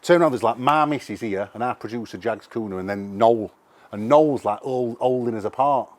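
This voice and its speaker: A middle-aged man with a Sheffield accent, a musician telling animated, sweary anecdotes in a casual interview. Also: mid-range voice, brisk. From England. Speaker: musician guest.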